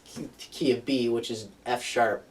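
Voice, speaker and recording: A man teaching a guitar song in a relaxed, rambling way, with plenty of fillers. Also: medium pitch, measured pace, a little hiss or hum. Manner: laid-back, rambling, many fillers. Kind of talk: casual guitar tutorial. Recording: distant mic with loud guitar.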